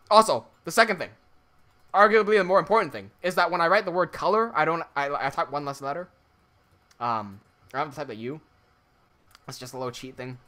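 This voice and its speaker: Chatting casually while building on a Minecraft livestream, a man from Hong Kong reads viewer messages aloud in American-sounding English. His voice is a little high and sharp, with slight background noise.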